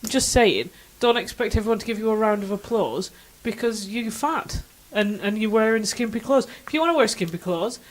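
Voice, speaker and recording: A woman's voice: fairly high pitch, animated, a little fast, hardly any pauses, rough recording. A woman co-hosting a casual podcast, blunt and sardonic, laughing at her own jokes. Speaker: podcast co-host. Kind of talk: casual chat.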